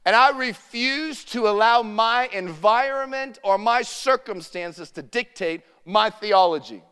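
A man preaching with fervor, his voice notably high and ringing clean. He rises to shouts and drops to near-hushed tones. The sound carries with a long reverberation, as in a church hall. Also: a little slow, hardly any pauses, clean tone. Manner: impassioned preaching, shouting at peaks and dropping to a hushed tone. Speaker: pastor. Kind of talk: sermon.

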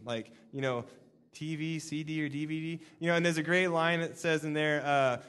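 A young man giving a casual, animated sermon, full of fillers and restarts. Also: on the high side, moderate pace, clean tone, big-room sound. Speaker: preacher.

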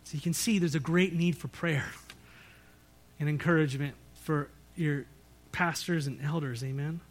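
A man's voice: on the high side, moderate pace, soft background music. A man preaching a sermon as pastor, in a conversational way with rhetorical questions and light jokes. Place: church sanctuary.

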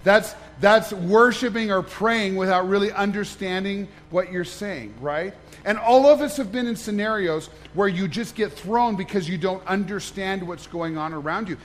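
A pastor with a high voice for a man preaches an easygoing sermon. He jokes and keeps checking in with the congregation as he goes. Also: a little hiss or hum. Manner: conversational, joking, questions the congregation.

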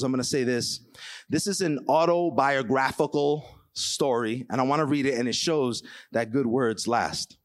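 A man preaching a sermon, telling stories with lively swings in pitch and volume for emphasis. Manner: animated storytelling, rising and dropping pitch and volume for emphasis.

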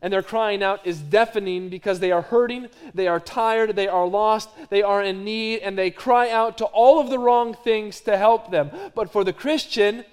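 A middle-aged man with a high-pitched voice preaches a sermon. His delivery moves between quiet, dropped phrases and louder emphatic runs of repetition. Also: moderate pace, hardly any pauses, smooth. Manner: varies from hushed to loud, repetitive emphatic phrasing. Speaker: pastor.

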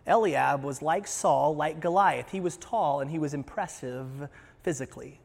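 A man preaching a sermon in church, animated and acting out scripture scenes with voices. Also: fairly high pitch, normal speed, gravelly, long reverb tail. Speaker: pastor.

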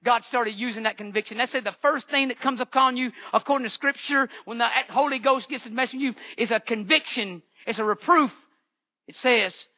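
A man's voice: extremely high pitch, brisk, bright, forceful tone, muffled recording. A man, giving a fervent church testimony with repeated phrases and stammering restarts. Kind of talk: impassioned testimony sermon.

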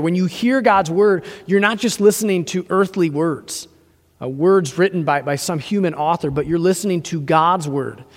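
High-voiced pastor preaching in a reverberant church. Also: male voice. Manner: earnest, repetitive preaching with fillers and restarts. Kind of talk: sermon.

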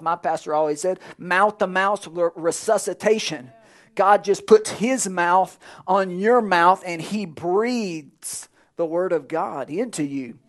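High-voiced preaching man, loud to hushed. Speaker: pastor. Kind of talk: sermon. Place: church.

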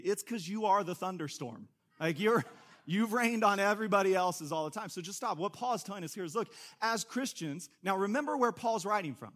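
A man preaching a sermon as a pastor in a conversational, animated way, with quick asides to the congregation. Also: high voice.

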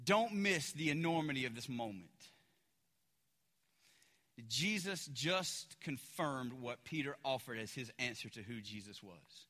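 A male pastor preaching a sermon in a casual, animated storytelling way with lots of fillers. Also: medium pitch, measured pace, in a large hall.

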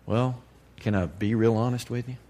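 A man preaching to a congregation in a candid, folksy way, dropping to a hush and then rising to loud emphasis. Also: mid-range voice, moderate pace. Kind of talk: sermon.

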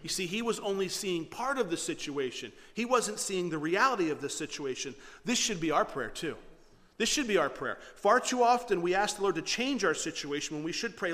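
A male pastor preaching a sermon with a fairly high voice, animated and dramatic as he retells the scripture. The sound carries a long reverb from a large hall. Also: a little fast.

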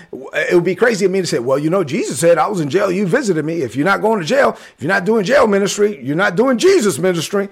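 Brooklyn-accented male preacher, husky and fairly high-pitched, animated storyteller. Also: fast, few pauses. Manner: animated storyteller, acts out quotes, sudden shouts. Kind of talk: sermon-style storytelling. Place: livestream with chat.

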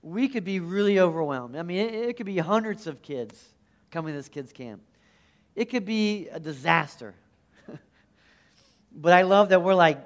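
Man, pastor, sermon, earnest and animated, slightly high voice. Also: normal speed, long pauses. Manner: earnest, animated preaching with repeated restarts.

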